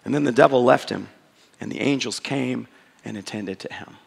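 Gravelly pastor preaching in a reverberant hall. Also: male voice, mid-range voice, normal speed. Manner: storytelling, animated and conversational, acting out quotes. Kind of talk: sermon.

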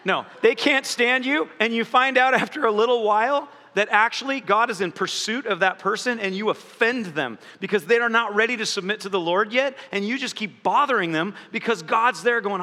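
A male pastor preaches with a strikingly high, bright and forceful voice. He talks playfully and keeps slipping into little acted voices for the people he quotes. Long reverb from a large hall trails behind his words. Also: fairly quick. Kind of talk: sermon.

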